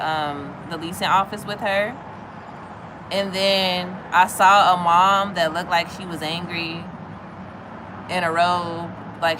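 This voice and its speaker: A woman in her thirties chatting casually with viewers, telling a story in an animated way. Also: noisy background. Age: 30s. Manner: animated, acts out other people's lines in a high voice.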